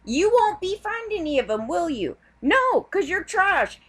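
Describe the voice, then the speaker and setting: A young woman vents on her vlog in a heated, rambling rant full of swearing. Her voice sits high and leaps all over the place as she talks. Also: very animated, measured pace, fairly bright tone. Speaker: vlogger. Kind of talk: ranting vlog.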